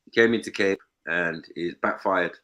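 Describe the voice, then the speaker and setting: A man's voice: low voice, normal speed, sharp tone. A man hosting a live stream, mocking a caller with brash, laughing trash talk.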